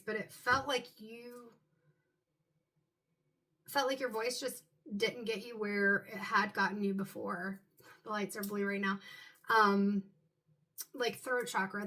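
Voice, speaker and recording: A woman giving an intuitive tarot reading to her viewers, talking in a loose, musing way and filling pauses with "um" and "like". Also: mid-range voice, bright, forceful tone. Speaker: tarot card reader.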